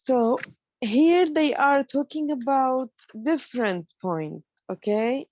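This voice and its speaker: A woman's voice: high voice, slow pace, darkish tone, no room sound, muffled recording. Woman teaching English grammar. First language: Arabic. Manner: explains in English mixed with Arabic, many fillers. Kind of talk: online lecture.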